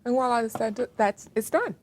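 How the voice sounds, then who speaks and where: This home cooking show host has a Southern American accent and a slightly high voice at a normal speed, with background noise behind her. She works in her kitchen while chatting to the viewer.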